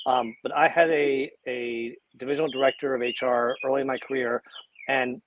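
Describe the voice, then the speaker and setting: A man's voice: medium pitch, little pitch movement, normal speed, narrow, tinny audio, a little hiss or hum. A man who works as a coach, talking casually on a panel in a chatty, self-deprecating way and laughing often.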